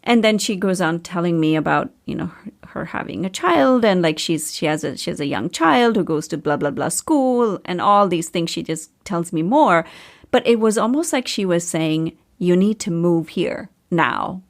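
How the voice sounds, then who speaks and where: A middle-aged woman, a podcast host and coach, telling a personal story in a chatty, animated way and laughing often. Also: normal speed, creaky. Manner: chatty, animated, laughs often, pitch jumps up when excited.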